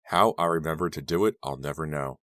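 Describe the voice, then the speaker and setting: A man's voice: a bass voice, brisk, pushed and bright, no echo. A man reading an audiobook aloud as tense first-person storytelling. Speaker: audiobook narrator. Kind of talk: scripted audiobook narration.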